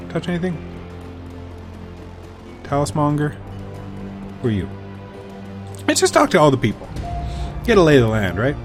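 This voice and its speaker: A man hosting a let's play, commenting on a game with jokey, rambling asides. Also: mid-range voice.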